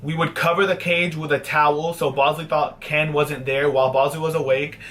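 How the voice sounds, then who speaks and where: A man's voice: a little high, level tone, normal speed, a bit bright. A young man vlogging, telling a long casual story with swearing and mock-dramatic sad asides.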